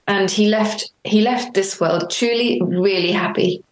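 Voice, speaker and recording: A middle-aged woman being interviewed, telling her story earnestly and warmly, acting out remembered dialogue. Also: mid-range voice, measured pace. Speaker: interview guest. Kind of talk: reflective conversational interview. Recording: roomy echo.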